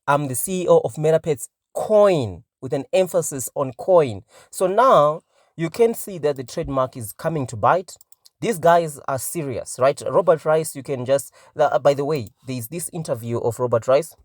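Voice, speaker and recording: A man's voice: on the high side, moderate pace, no room sound. Emphatic male crypto commentator, casual vlog delivery, dry and close. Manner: emphatic, peppers talk with "right?".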